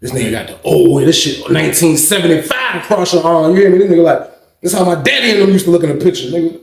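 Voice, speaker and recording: A man telling a story in a casual, animated way, acting out quotes and punch sounds. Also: a little high, quick pace, gravelly, crowd noise. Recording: echoey room.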